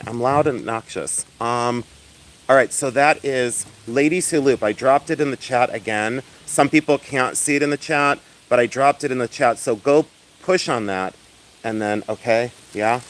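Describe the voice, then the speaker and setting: Host: flamboyant man, loud and chatty, live-streaming from outdoors, mid-pitched voice, laughs a lot. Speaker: livestream host selling and showing jewelry. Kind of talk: casual livestream chat. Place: outdoors in the sun.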